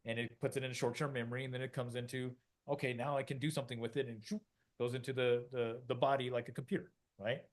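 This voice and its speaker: A man's voice: mid-range voice, flat delivery, quick pace. A middle-aged man, a podcast co-host, explaining ideas in a rambling casual way, with many fillers and restarts, often acting out quoted voices.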